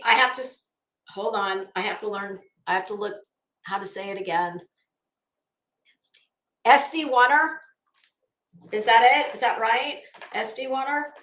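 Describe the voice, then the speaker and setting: A woman's voice: medium pitch, gravelly, pushed and bright, echoey room. A tired, worn-out woman hosting a livestream in casual chat, reading comments and rambling with trailing thoughts. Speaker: livestream host.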